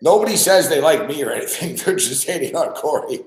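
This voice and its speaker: A man's voice: fairly high pitch, a little fast, roomy sound, low-quality recording. Laughing, profane sports talk man. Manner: profane, laughing, gets excited over plays. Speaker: sports podcast host. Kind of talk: casual sports talk rant.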